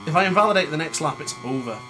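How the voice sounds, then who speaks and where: A man's voice: on the high side, animated, rapid-fire. Frustrated man commentating gameplay. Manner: frustrated, muttering, self-critical. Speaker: gaming YouTuber. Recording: game engine noise behind voice. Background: motorbike game sounds.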